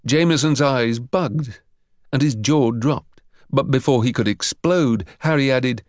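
A man narrating an audiobook in an expressive storytelling way. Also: mid-range voice, a little slow, dry recording, studio quality. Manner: expressive storytelling with voiced characters.

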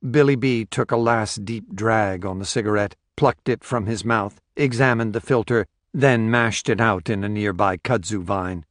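A man reading a story aloud as audiobook narrator in a steady, measured way. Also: on the low side, dry recording, studio quality. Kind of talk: scripted narration.

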